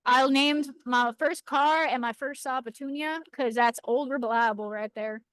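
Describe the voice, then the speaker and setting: A woman with a high voice chats playfully while filming on a handheld camera in an indoor workshop. She talks loosely, correcting herself mid-sentence as she shows off cut stones. The sound is close and dry. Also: unhurried, fairly bright tone, no echo, low-quality recording. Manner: chatty, playful, self-correcting. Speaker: lapidary shop co-host filming. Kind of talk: casual chat while demonstrating. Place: indoor workshop by a rock saw.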